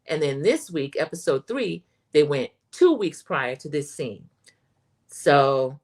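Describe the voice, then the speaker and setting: A woman with a low-pitched voice hosts a casual livestream recapping a reality show. She addresses her viewers directly as "y'all" and reads their chat comments out loud.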